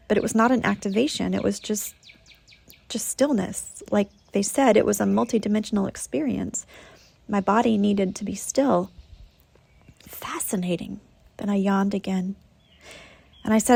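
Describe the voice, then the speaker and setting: A woman who works as a spiritual healer, calmly and matter-of-factly recounting a personal spiritual experience. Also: medium pitch, moderate pace, gravelly, long pauses, breathy edge. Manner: calm, matter-of-fact recounting.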